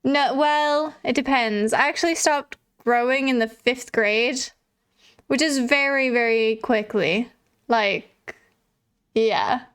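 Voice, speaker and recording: A woman's voice: on the high side, slow pace, fairly bright tone, smooth. A young adult woman livestreamer chatting casually with viewers, swearing freely and laughing often. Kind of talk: casual chat reading viewer messages.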